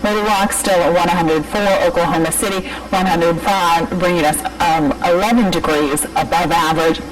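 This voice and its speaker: A woman's voice: fairly low pitch, steady tone, normal speed, far from the mic, soft background music, low-quality recording. A woman meteorologist delivering a live TV weather forecast while struggling with hiccups. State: has the hiccups.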